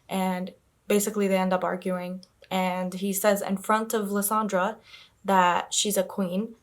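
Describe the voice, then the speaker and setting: A woman's voice: mid-range voice, little pitch movement, normal speed. A young woman in a casual reading vlog, chattily rambling through a plot recap with lots of filler words. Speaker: book vlogger.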